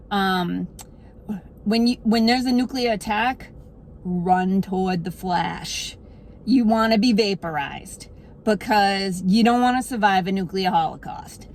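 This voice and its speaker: Woman, put-on Boston accent, deadpan jokes, faint background noise. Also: medium pitch. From Wisconsin. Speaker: naturopath giving health advice. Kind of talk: comedic monologue to camera.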